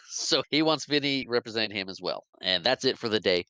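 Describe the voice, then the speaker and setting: Male podcast co-host, low-ish, bright and smooth, dry close mic, casual recap storyteller. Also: lively intonation, a little fast, no echo. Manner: retells scenes, lightly acting out quoted lines. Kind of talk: casual film recap chat.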